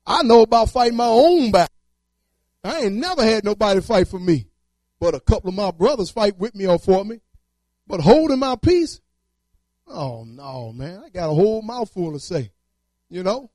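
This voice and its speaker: High-voiced man giving a church testimony. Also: big pitch swings, normal speed, pauses often, a little mellow, dry recording. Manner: storytelling with churchy fervor, Southern Black vernacular speech. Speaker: testimony speaker.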